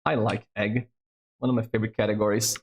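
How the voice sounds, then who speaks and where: A man's voice: on the low side, little pitch movement, fast. A man hosting a trivia game on a live stream, chatty and casual, swearing freely as he thinks aloud.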